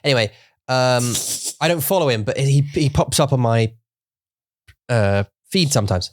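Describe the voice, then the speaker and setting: A man's voice: mid-range voice, animated, moderate pace, dry recording, clean studio sound. A male podcast co-host, a native English speaker, chatting casually in a rambling, jokey way and slipping in Mandarin words. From English-speaking country. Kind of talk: casual bilingual chat.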